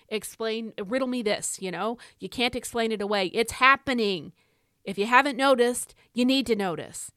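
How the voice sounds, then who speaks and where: A middle-aged woman hosting a faith podcast, delivering an emphatic, preacherly exhortation that swells into shouts. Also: on the high side, dry recording, clean studio sound. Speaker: podcast host. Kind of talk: fiery devotional exhortation.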